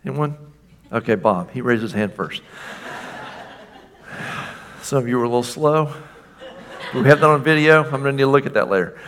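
A man's voice: mid-range voice, moderate pace, pauses often, a bit bright. A man preaching a sermon to a congregation, chatty and informal, acting out the lines he quotes. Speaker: pastor.

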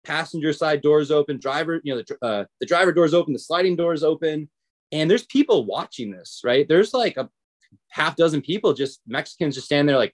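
A man's voice: a little high, quick pace. A man who is a podcast guest, from the United States, telling a long story casually and acting out what other people said. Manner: animated, acts out others' lines in quotes.

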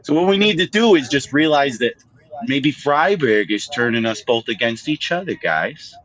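A man's voice: medium pitch, very animated, normal speed, a bit bright, poor audio. A man with a Boston accent, laid-back and jokey in casual podcast banter. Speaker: podcast co-host and wrestler.

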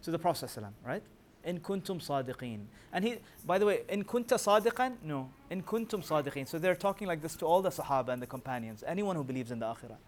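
Male religious teacher, slightly high voice, rapid recitation, keeps quizzing the room. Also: animated. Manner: quizzes listeners with rhetorical questions; recites scripture in rapid chanting. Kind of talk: Quran commentary class.

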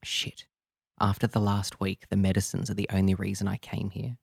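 A man tells a first-person audio drama in an intimate, raw and confessional voice. His voice is low and gravelly, recorded close and dry with no room around it. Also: completely flat delivery, moderate pace, no room sound. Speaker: narrator.

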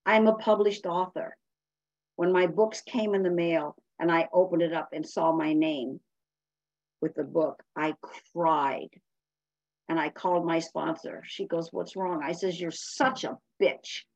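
A woman's voice: lowish voice, fairly even intonation, measured pace, darkish tone, no room sound, muffled recording. A woman giving a blunt, emphatic personal share as a speaker at a recovery meeting.

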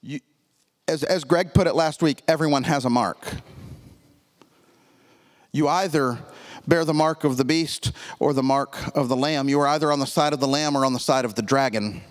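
A male pastor preaching a sermon in a church, emphatic, dropping his voice low to stress key points. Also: normal speed, long pauses.

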